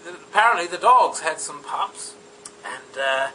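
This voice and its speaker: A man's voice: fairly high pitch, lively intonation, unhurried, bright, forceful tone. A man telling an absurd mock-history story in a rambling, meandering way, full of ums and asides, recorded from a distance. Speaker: comedic storyteller. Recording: distant mic with faint background noise.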